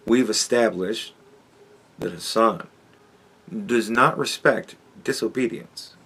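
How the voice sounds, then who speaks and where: A man's voice: on the low side, takes it slowly, creaky, a bit bright, husky. A man hosting a podcast, giving a sardonic, profanity-laced commentary monologue and chuckling often. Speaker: podcast host.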